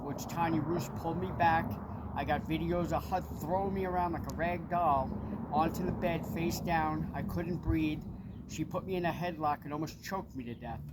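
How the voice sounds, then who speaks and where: Man with a Long Island accent, middle-aged, fairly high-pitched, urgent and aggrieved, vehicle noise behind. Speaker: person making a public complaint. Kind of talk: direct-to-camera personal appeal. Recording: noisy with vehicle sounds behind.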